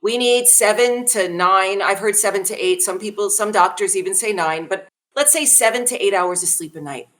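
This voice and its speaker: A woman in her forties speaking as a wellness guest on a podcast, animated and laughing readily, often asking listeners questions. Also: mid-range voice, moderate pace, few pauses. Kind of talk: conversational podcast talk.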